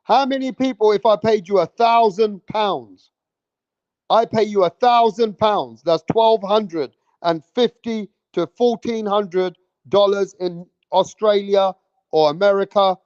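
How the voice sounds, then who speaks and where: A man, hosting a livestream and loudly teasing and daring his chat, swearing freely. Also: high-pitched, measured pace, no room sound, lo-fi sound. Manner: loud, teasing, swears a lot, goads the chat. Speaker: livestream host.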